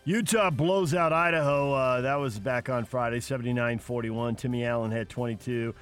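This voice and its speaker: A man hosting a sports radio show, briskly running through scores and handing off to his co-host. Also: mid-range voice, steady tone, clear, resonant tone, faint music behind. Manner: brisk, reads scores then asks co-host.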